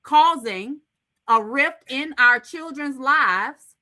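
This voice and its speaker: A woman's voice: sits high, animated, slow, pushed and bright. Blunt woman pushing back hard. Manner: blunt, combative, profane. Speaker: panelist. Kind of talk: heated panel discussion.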